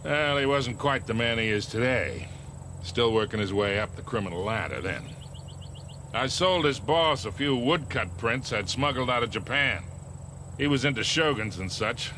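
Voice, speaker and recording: An actor voicing a dry, world-weary old smuggler. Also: male voice, medium pitch, lively intonation, moderate pace, noisy background, lightly acted. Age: older. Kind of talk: video game cutscene dialogue.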